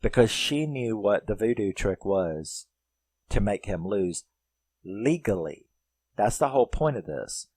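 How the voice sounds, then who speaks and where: A man's voice: fairly low pitch, expressive, unhurried, darkish tone, no room sound. Rambling, foul-mouthed man recapping a film. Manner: rambling and profane, full of "like" and "you know". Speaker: film reviewer. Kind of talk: casual spoken film recap.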